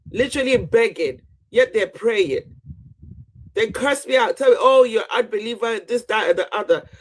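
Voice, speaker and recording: A man's voice: high-pitched, breathy edge. A man hosting a live online debate panel, arguing emphatically and pressing his points with repeated "right?". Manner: preachy, emphatic, keeps asking "right?". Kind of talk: heated debate on a live stream.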